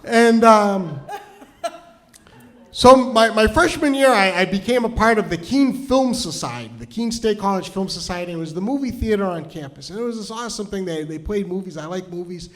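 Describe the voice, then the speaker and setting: Middle-aged male storyteller, high voice, chatty and self-mocking, stops and restarts. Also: expressive, moderate pace, fairly bright tone. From New Hampshire. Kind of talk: stand-up storytelling.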